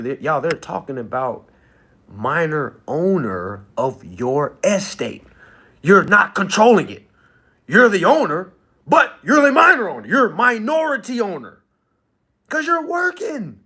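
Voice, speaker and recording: Animated high-voiced man on a livestream. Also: breathy edge. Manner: animated, laughs often, repeats himself. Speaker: livestream host. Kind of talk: casual livestream monologue.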